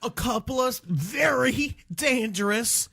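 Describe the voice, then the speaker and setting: A man's voice: very high-pitched, animated, slow pace, creaky, pushed and bright, no echo, clean studio sound. A young man co-hosting a podcast, rambling and cracking crude jokes. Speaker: podcast co-host. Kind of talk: casual comedy banter.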